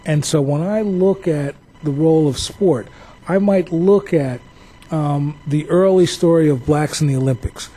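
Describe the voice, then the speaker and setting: A man's voice: fairly high pitch, measured pace, dark tone, slightly rough, rough recording. A man from New Jersey, a museum director, giving a public talk full of anecdotal, reflective storytelling.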